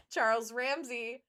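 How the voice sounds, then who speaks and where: A woman with a bright, tense voice hosts a casual true-crime chat. She tells the story in an animated, chatty way, swearing freely and laughing often as she goes. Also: fairly high pitch. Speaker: podcast host.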